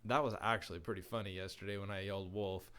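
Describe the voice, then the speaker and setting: A man voicing a mischievous young shepherd boy in a storybook tale, shouting in high, frantic cries. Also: fairly even intonation, fast, clear, resonant tone. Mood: scheming.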